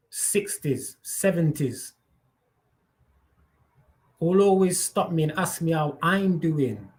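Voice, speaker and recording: A man hosts a live stream in a loose, rambling way, full of slang and restarts. His voice sits a little higher than most men's. It comes through a phone or headset. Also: a little mellow. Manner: rambling, slangy, repeats himself often. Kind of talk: casual live chat monologue.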